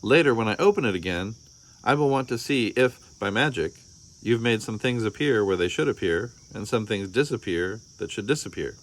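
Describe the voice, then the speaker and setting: A man's voice: on the low side, expressive, normal speed. A man voicing a cheerful, patient mother anteater in a storybook reading, with a coaxing, sing-song manner. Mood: playful. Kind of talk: storybook read-aloud.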